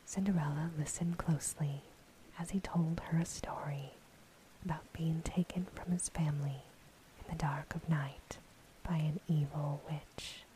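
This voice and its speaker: A woman reading a fairy tale aloud in a soft, unvoiced whisper, as a bedtime story. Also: low-pitched, fairly even intonation, measured pace, slight background noise, low-quality recording.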